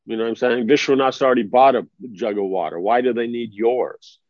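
A man giving an informal religious talk at a mid-range pitch. He speaks conversationally and often checks that his listeners are following. The recording is dry and a little dull, as if made on modest equipment. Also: a little fast, a little mellow, no echo. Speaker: spiritual teacher.

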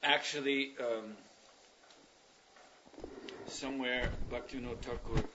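A spiritual teacher leading a class explains religious ideas in a roundabout, reflective way, pausing with um and uh as he searches for words. His middle-pitched voice is bright and forceful, with fairly even intonation. The lo-fi recording sounds dull, with faint hiss behind it.

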